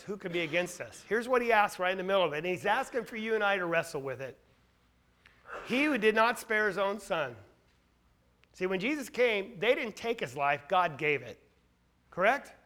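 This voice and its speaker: A man preaching a sermon, emphatic and full of rhetorical questions, swinging between loud stressed lines and quiet asides. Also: high voice.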